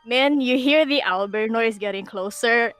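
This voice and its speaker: A woman narrating a tabletop game as game master, lively and quick to laugh. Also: a little high, clean tone, dry recording, faint music behind. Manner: lively, laughs often, thinks aloud.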